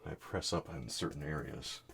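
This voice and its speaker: A man giving a soft-spoken oil painting lesson, muttering asides as he works. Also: rumbling low, normal speed, gravelly, a little hiss or hum. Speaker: art teacher.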